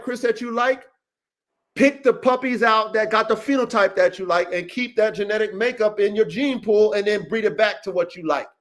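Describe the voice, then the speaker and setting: A man hosting a livestream podcast, talking in a profane, boastful, emphatic way and calling out listeners by name. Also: high voice. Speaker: podcast host and dog breeder. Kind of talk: casual livestream podcast rant.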